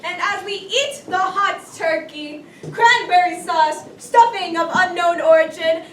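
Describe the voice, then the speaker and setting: A woman's voice: extremely high pitch, a bit bright, a little hiss or hum. A woman performing a comic quest sketch in a grandiose, mock-heroic declaiming manner. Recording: roomy, from a distance.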